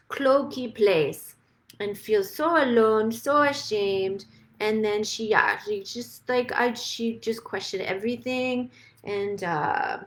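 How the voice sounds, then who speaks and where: Soft caring cosmic twin spirit lady, a woman putting her on, broken simple english, kinda high voice, chatty and sympathetic. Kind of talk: channeled spirit talk.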